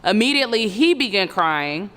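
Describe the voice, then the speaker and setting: A woman in her thirties earnestly recounting a painful personal story, halting and full of fillers. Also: mid-range voice, sing-song, fairly bright tone, in a large hall. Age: 30s. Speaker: survivor telling her story. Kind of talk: personal testimony.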